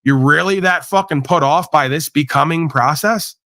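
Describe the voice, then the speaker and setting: Man host, high and bright, dry close sound, preachy profane rant. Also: normal speed, no room sound. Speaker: livestream host. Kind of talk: ranting monologue.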